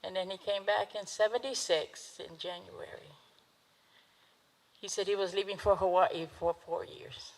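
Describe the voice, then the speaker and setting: A woman's voice: mid-range voice, fairly even intonation, unhurried. An older woman speaking at her husband's memorial, unpracticed, searching for dates and thanking people. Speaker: widow giving a memorial speech. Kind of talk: memorial speech. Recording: reverberant hall.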